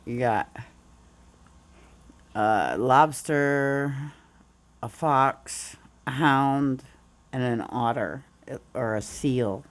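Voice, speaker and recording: A woman's voice: rumbling low, extremely slow, long pauses. A woman reading tarot cards in a casual, meandering way, a little under the weather with a groggy morning voice. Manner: meandering, talks through the cards as she goes. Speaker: tarot reader.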